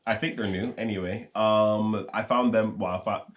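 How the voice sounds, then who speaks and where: A man co-hosting a podcast, chatting casually and rambling with jokes and quick asides. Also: on the low side, fairly even intonation. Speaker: podcast co-host. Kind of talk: casual chat.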